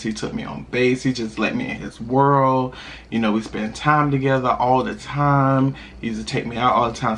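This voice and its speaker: A young man talks casually at his dinner table, spinning a personal story for his viewers while he eats. His voice sits mid-range but leaps high with sudden laughs, loose and animated. A faint hum sits under the recording. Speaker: mukbang vlogger.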